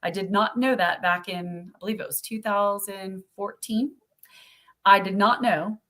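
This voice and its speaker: A woman's voice: mid-range voice, steady tone, unhurried, a bit bright. Chatty laughing woman. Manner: chatty, laughs often, acts out quoted voices. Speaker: owner of a haunted site, guest. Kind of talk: casual live-stream chat.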